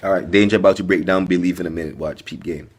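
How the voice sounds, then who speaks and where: A man's voice: low voice, steady tone, fast talker, a little mellow. A man in casual chat, hesitant and repeating himself as he thinks aloud.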